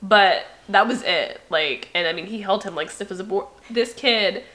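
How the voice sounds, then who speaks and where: Bright, upbeat woman podcast co-host. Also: mid-range voice. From Florida. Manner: quick, laughing anecdotes with voiced quotes. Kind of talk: casual chat.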